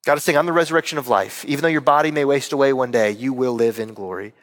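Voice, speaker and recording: A man's voice: mid-range voice, fast talker, fairly bright tone, long reverb tail. A man preaching a sermon as pastor, earnest and emphatic, repeating key words for weight. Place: church hall.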